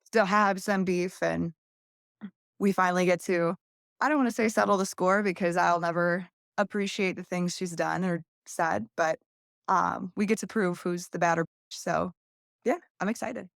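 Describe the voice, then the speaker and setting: A woman's voice: fairly low pitch, fairly even intonation, moderate pace, vocal fry, no room sound, studio quality. A young adult woman, a podcast guest, telling a long story candidly in a casual interview and acting out quoted voices.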